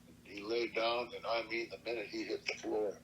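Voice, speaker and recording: A man's voice: fairly low pitch, fairly even intonation, fairly quick, a bit bright, a little hiss or hum, low-quality recording. An older man from Montana telling a personal story from his youth, plainspoken and earnest, with salty language. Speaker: elder storyteller. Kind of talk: personal oral-history storytelling.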